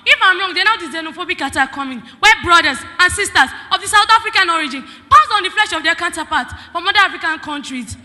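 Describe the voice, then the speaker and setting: A woman's voice: very high-pitched, lively intonation, fast talker, hardly any pauses, sharp tone. A Nigerian teenage girl giving a formal school debate speech, emphatic and full of rhetorical questions. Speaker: student debater. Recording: hall reverb.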